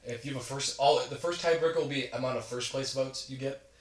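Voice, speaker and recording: A man's voice: mid-range voice, distant mic. A young man co-hosting a podcast, chatting casually and rambling as he explains. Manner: rapid, rambling, self-interrupting. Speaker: podcast co-host. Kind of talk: casual movie review chat. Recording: roomy, set back from the mic.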